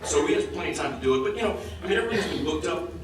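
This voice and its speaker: A man's voice: a little high, animated, racing. A man as a convention panel guest, swearing constantly as he tells a rambling comic story. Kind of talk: profane comic anecdote. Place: large convention hall. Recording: echoey hall, distant mic, loud crowd noise.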